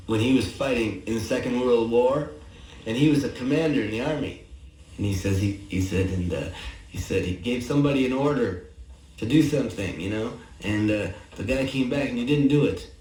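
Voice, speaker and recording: Young man, mid-pitched, halting drawl, casual rambling anecdote; distant, roomy 1963 home tape. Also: darkish tone. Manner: halting, drawling, full of "uh" and "you know". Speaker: songwriter giving commentary. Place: apartment living room.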